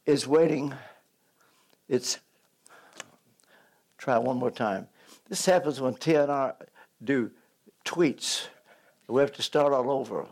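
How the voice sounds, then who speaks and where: A man's voice: medium pitch, vocal fry, a little mellow. An older man preaching a sermon, telling stories, acting out voices and joking when he loses his place. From United States.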